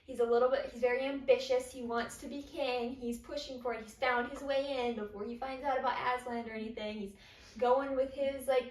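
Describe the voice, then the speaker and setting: A woman's voice: high-pitched, fairly even intonation, brisk, distant mic. Woman arguing her point in casual chat. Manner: reasoned, argumentative. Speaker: co-host. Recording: roomy, off-mic, faint noise.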